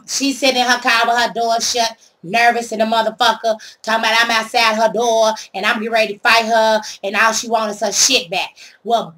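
A woman's voice: a little high, bright, forceful tone. A woman telling a story in a brash, sassy comic rant, swearing constantly. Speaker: storyteller vlogger. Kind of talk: profane comic rant to camera.

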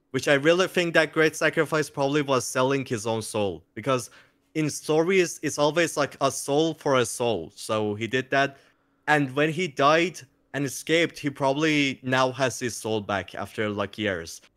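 A man talking as a guest in a casual interview, excitable and jokey, slipping into playful mock voices. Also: mid-range voice. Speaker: interview guest, content creator.

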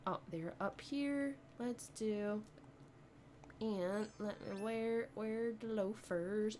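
A woman's voice: medium pitch, extremely slow, a little mellow, a little hiss or hum. A young woman streaming a game, rambling, giggling often and answering her chat. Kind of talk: casual live-stream chat while gaming.

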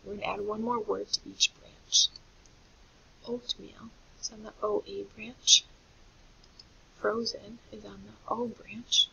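A woman teacher walks young children through a phonics lesson in a patient, clear way. Her voice has a gravelly edge. The recording sounds dull and lo-fi, with a faint hiss underneath. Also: mid-range voice, flat delivery, slow pace, pauses often, bright, forceful tone.

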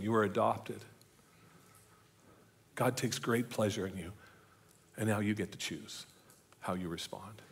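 A middle-aged man preaching a sermon as pastor, telling a story and often dropping to a soft, hushed voice for emphasis. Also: fairly low pitch, husky. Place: church.

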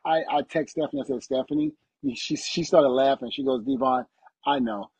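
Middle-aged man, podcast guest, husky and warm, animated storyteller, dry dull recording. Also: mid-range voice, fairly quick, no echo. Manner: animated storytelling, acts out quotes. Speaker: podcast guest, retired wrestler. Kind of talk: casual interview chat.

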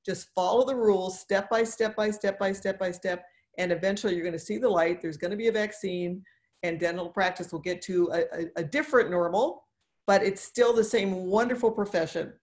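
A woman's voice: mid-range voice, a little fast, a little mellow. A woman in her sixties, a dentist and speaker, talking earnestly in a podcast interview, encouraging and repeating phrases for emphasis. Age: 60s.

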